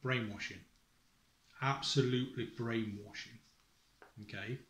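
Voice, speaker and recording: Unhurried and fairly even in intonation, his medium-pitched voice sounds a bit bright in a reverberant space with slight background noise. A distressed father speaks to camera to his family, angrily accusing and swearing, halting mid-sentence as he reads a school report aloud.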